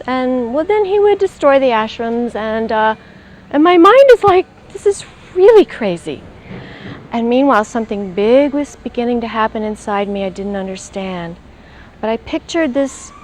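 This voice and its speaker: A woman's voice: fairly high pitch, a little hiss or hum, low-quality recording. Older woman telling an earnest story. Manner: earnest storytelling, acts out her own past thoughts. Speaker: interviewee. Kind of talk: personal spiritual testimony.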